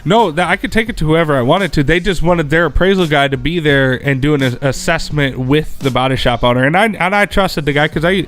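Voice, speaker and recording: A man's voice: on the high side, brisk, hardly any pauses. A man on a podcast, chatting casually and telling a frustrated story, swearing often and acting out other people's lines. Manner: profane, animated storytelling with acted-out quotes. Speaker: podcast co-host. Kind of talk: casual chat, venting story.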